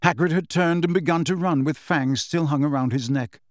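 A man narrating a story in a measured storytelling manner. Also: on the high side, dry recording, studio quality. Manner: measured storytelling with shifting character voices. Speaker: audiobook narrator. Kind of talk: scripted narration.

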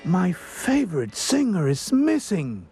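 Man doing a lively storybook rat diner cook, keen and high. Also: normal speed, loud music behind the voice, exaggerated voice. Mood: excited. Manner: excitable, high and cries out. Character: eager young male rat diner cook.

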